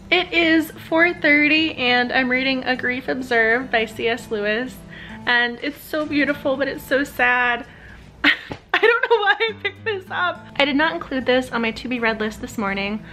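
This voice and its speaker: A woman's voice: fairly high pitch, pushed and bright, low-quality recording. A woman keeping a casual video diary at home, chatting and gushing about the books she is reading and checking in on the time. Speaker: book vlogger.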